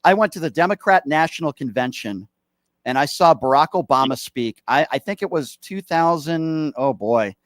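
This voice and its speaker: A man's voice: fairly high pitch, animated, normal speed, no echo, clean studio sound. A man in his forties hosting a political call-in radio show, talking in a blunt, heated, opinionated way. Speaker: radio talk show host.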